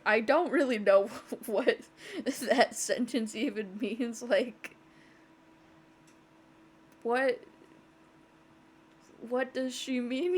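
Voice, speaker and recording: Giggly high-voiced woman streamer. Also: slight background noise. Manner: giggly, rambling, swears casually. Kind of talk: casual chat over gameplay.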